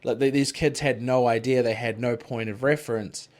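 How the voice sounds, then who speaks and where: A man talking loosely on a podcast, mid-pitched and rambling. He swears freely and leans on "like" and "you know" while he chats. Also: steady tone, normal speed, a little mellow. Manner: rambling, swears freely, frequent filler words. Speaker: podcast co-host. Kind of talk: casual chat.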